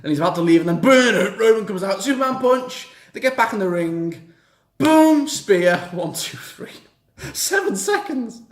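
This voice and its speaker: A young man, chatting casually and excitably, swearing as he reacts. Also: high voice, moderate pace, roomy sound. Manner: excitable, swears, mocks and acts out the wrestlers in little quips. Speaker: reaction vlogger. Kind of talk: casual chat.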